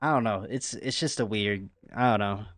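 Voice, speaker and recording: A man's voice: lowish voice, normal speed, fairly bright tone, dry recording, clean studio sound. A man from California giving casual, rambling reaction commentary who swears freely. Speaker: reaction streamer.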